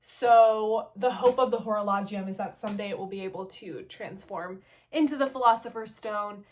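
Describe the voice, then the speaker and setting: A woman's voice: mid-range voice, normal speed, a little mellow. A young adult woman casually recapping a story game, gossipy and playful, saying "like" in almost every sentence.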